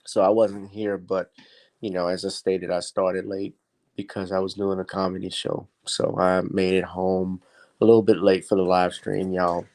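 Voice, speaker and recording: A man's voice: sits low, level tone, normal speed, a little mellow, low-quality recording. A man hosting a late-night live stream, giving rambling, opinionated commentary and sounding tired. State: tired, yawning.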